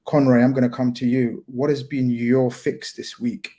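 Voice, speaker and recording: A man's voice: medium pitch, little pitch movement, normal speed, dark tone. A man hosting a casual live stream, chatty and teasing, reading out a sponsor plug and welcoming his panel. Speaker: host.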